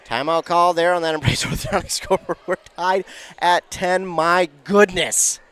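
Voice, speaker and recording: Calling a high school volleyball match, a man gives energetic play-by-play in a smooth, slightly slow delivery, breaking into shouts at the biggest moments.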